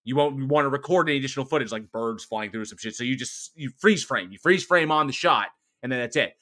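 A man's voice: mid-range voice, fast talker. A man co-hosting a podcast, chatting casually about a horror film, swearing often and restarting his sentences as he rambles. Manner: animated, profane, rambling with restarts. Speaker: podcast co-host.

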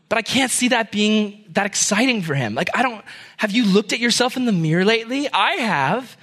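A young man gives a relaxed, story-driven sermon in a fairly high voice. His tone is bright and forward, and he slips in and out of voices for the people in his stories before coming back to his message. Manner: animated storyteller voicing characters.

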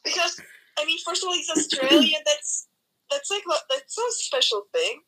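A woman's voice: high-pitched, very animated, moderate pace, sharp tone, rough recording. A young woman chatting casually, ranting animatedly and swearing a lot. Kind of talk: casual chat.

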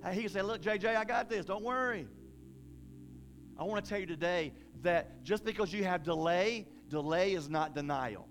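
A man preaching a sermon in a casual, folksy way, with animated bursts of emphasis. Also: high-pitched, slight background noise.

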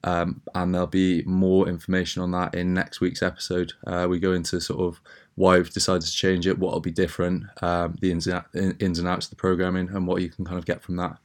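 A man co-hosting a casual podcast, chatty and relaxed with frequent ums. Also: low-pitched, brisk. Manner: relaxed, chatty, announcements with fillers. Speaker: podcast co-host.

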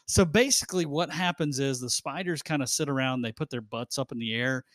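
Host, male, mid pitch, casual and rambling, laughs a lot, dry close sound. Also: fairly quick, fairly bright tone, dry recording. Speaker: podcast host. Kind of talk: casual chat.

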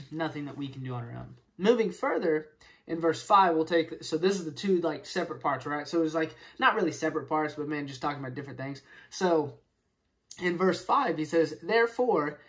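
Explaining scripture in a relaxed Bible study, this teacher uses rhetorical questions and constantly drops "right?" and "man" as fillers. The voice is mid-range, expressive, slightly bright, and at normal speed.

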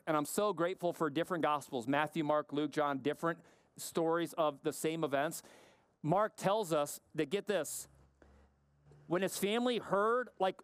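A middle-aged man preaching a sermon, emphatic and questioning, often dropping his voice low to stress a point. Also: clear, resonant tone, no echo. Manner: emphatic, questioning, varies pace and drops low for weight. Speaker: pastor.

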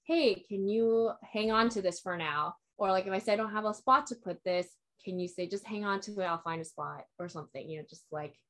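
A woman's voice: medium pitch, brisk, few pauses, a bit bright. A young woman in casual chat, telling a long personal story in a rambling way, filling it with "like" and quoting herself and others.

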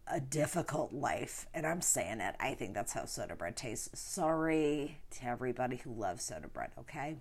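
A woman hosting a podcast, talking in a chatty, animated way with playful asides. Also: a bass voice, moderate pace, hardly any pauses, husky. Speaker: podcast host. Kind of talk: casual podcast chat.

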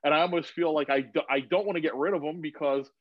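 A man chats over a video call from his phone, rambling through a story and swearing freely. His voice sits a little high and sounds dry and close. The audio is slightly dull. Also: quick pace, dry recording. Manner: rambling, swears freely, animated when retelling. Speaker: guest.

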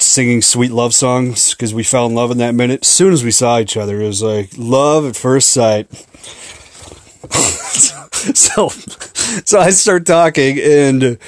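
A young podcast host from Minneapolis tells a story in a mid-range voice with no room sound. His casual monologue is rambling, profane and self-mocking.

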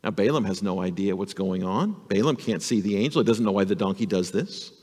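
A male pastor telling a Bible story to children in an animated, storytelling sermon. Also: fairly low pitch, a little fast, big-room sound.

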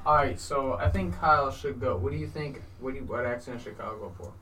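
A man's voice: medium pitch, a little fast, sharp tone, slight background noise, rough recording. A man on a comedy podcast, speaking hesitantly with lots of fillers. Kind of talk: casual podcast banter.

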